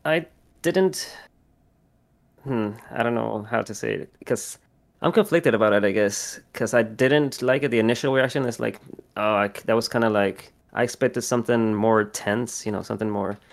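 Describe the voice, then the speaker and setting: A man's voice: on the low side, normal speed, vocal fry. A man giving his opinion on a film in a casual chat, hesitant and full of fillers. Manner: hesitant, conflicted, many fillers.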